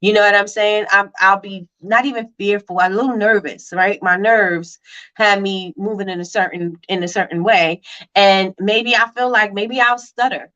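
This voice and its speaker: Brief: quick, animated woman host of a live business chat, bright voice. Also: medium pitch, highs cut off. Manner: fast-talking, animated, reads out viewer comments. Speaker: livestream host. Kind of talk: casual live-stream chat.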